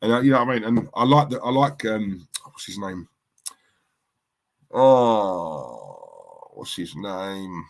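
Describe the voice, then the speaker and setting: A man's voice: fairly low pitch, very animated, takes it slowly, pauses often. A man hosting a live stream, chatting casually and reading out viewer comments in a rambling, repetitive way. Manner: chatty, rambling, repeats himself. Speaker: livestream host.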